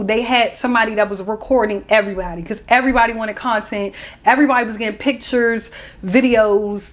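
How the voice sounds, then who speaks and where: Young woman, casual vlog storytelling, emotional, candid, slightly high voice. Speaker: vlogger.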